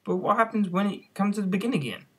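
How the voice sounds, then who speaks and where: A reader voicing a polite, curious young girl in an earnest, high voice, in an amateur audiobook. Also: fast, breathy edge, close to an everyday voice.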